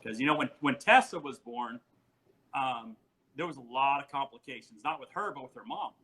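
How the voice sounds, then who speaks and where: A man in his forties, a podcast guest, telling family stories in casual chat, animated and laughing often. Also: medium pitch, normal speed, low-quality recording.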